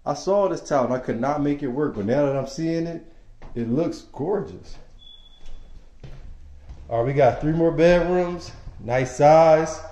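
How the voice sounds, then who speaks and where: A man's voice: on the high side, measured pace, long pauses, dark tone. A man leading a casual walkthrough tour of an empty house, speaking with enthusiasm straight to his viewers in casual slang as he walks from room to room. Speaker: property manager giving a home tour. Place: empty house, indoor rooms. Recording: echoey empty rooms.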